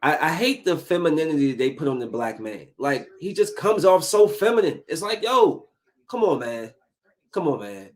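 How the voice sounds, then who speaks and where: Animated podcast host, a man with higher pitch. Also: moderate pace. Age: 30s. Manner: animated, emphatic, ranting with slang. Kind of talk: casual solo commentary.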